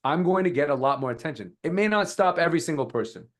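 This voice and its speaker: A man's voice: on the high side, animated, quick pace. A man coaching on a live webinar over a video call, talking energetically and acting out example lines with strong emphasis. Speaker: guest speaker on content creation.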